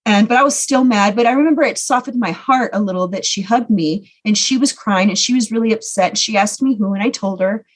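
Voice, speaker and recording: A woman telling her life story as a podcast guest, candid and earnest about painful memories. Her voice sits at an ordinary middle pitch for a woman, in a personal, conversational telling. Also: fairly quick, few pauses.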